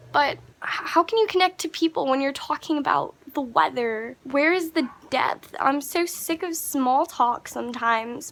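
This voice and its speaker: A woman's voice: high voice, fairly bright tone. A young woman vlogger talking straight to her camera in an earnest, impassioned monologue, swearing freely as she goes. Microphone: camera mic.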